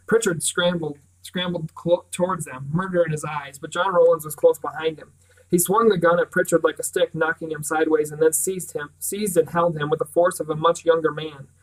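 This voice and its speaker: A man reading a novel aloud with even, plain storytelling. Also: fairly high pitch, recorded from a distance, rough recording. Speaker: reader. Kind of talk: audiobook reading.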